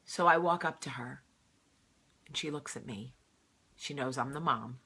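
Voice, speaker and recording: A woman's voice: very deep voice, measured pace, bright, forceful tone, slightly rough. A woman who is unwell, telling a personal story to camera in a casual, earnest, heartfelt way. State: sick. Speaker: vlog host.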